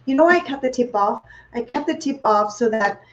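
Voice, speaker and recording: A woman's voice: fairly high pitch, animated, a little fast, highs cut off. Chatty Thai-accented woman teaching cooking. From Thailand. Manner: chatty, playful, talks to viewers with questions. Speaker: cooking class host. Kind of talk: live online cooking demonstration.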